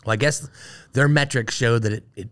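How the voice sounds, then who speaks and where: A man's voice: medium pitch, normal speed. Chatty man telling a story. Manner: animated, full of fillers like "like" and "you know". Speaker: podcast guest, Army veteran. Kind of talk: casual storytelling interview.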